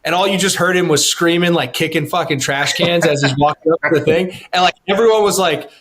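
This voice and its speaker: A man in his thirties co-hosting a podcast, telling stories with animated energy and casual swearing. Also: a little high, brisk. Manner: animated storyteller who swears freely. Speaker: podcast co-host. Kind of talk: casual chat.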